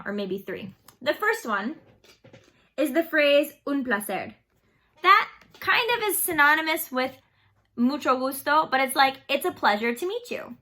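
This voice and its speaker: A woman's voice: a little high, bright, forceful tone. A woman teaching a beginner Spanish lesson online, explaining phrases patiently and leading repeat-after-me drills.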